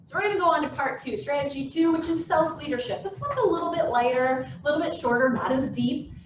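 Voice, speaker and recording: A fast-talking woman with a high voice presents a lively business workshop to a live audience in a meeting room. A success coach, she's animated and playful, acting out little scenes in different voices. The distant mic captures an echoey room that sounds dull and a bit noisy.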